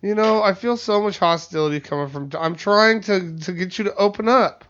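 Rambling, profane podcast host, muffled. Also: male voice, sits high, moderate pace, a bit bright. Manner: rambling, profane, lots of stammered restarts. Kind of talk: casual chat. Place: studio.

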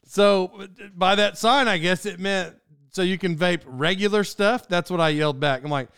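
A man with a slightly high, smooth and clear voice hosts a podcast. He talks in a loose, rambling monologue, often restarting mid-thought and laughing along the way. The sound is dry and close. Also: moderate pace, fairly bright tone, dry recording. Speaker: podcast host. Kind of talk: casual monologue.

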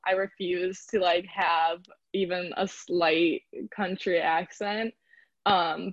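A woman's voice: on the low side, dry recording, dull audio. A young woman from the Chicago area, chatting casually in an interview as a college rower and filling her speech with "like". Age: young adult. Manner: chatty, lots of "like" fillers.

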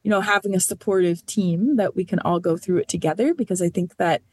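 A woman's voice: fairly low pitch, fairly quick, slightly rough, no echo. A woman program manager for a nonprofit, talking through her work in a podcast interview, earnest and thoughtful, with many "like" and "you know" fillers.

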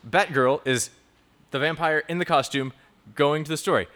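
A man's voice: on the high side, normal speed, a bit bright. A man hosting a live talk for young people, joking and improvising tangents as he explains. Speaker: youth talk presenter and show host. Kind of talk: live talk to a youth audience.

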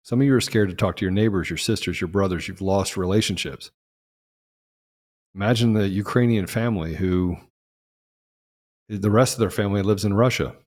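A man's voice: moderate pace, pauses often. Emphatic man with a reverb. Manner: emphatic, rising to loud peaks and dropping low. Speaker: podcast host. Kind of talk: impassioned political monologue.

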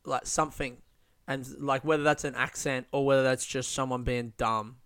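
A man's voice: mid-range voice, fairly even intonation, moderate pace, fairly bright tone, clean tone, no echo, clean studio sound. A young Australian man, a stand-up comedian, rambling through a profane, self-mocking casual monologue.

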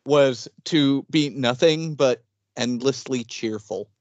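A man's voice: medium pitch, slow, no room sound, muffled recording. A man co-hosting a casual film podcast, chatty and easygoing, who sometimes searches for words and laughs easily. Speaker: podcast co-host.

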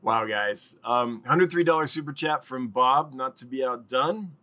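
A man's voice: mid-range voice, measured pace, pushed and bright. A man hosting a casual live stream, rambling and chatting with viewers and laughing often.

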